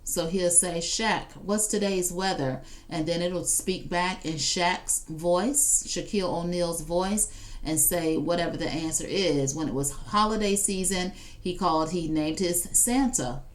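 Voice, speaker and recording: A woman's voice: on the low side, a little slow. A woman hosting a casual live shopping stream, chatting to viewers and reading out their comments. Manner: chatty, addresses viewers directly, reads out chat comments. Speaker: live shopping show host.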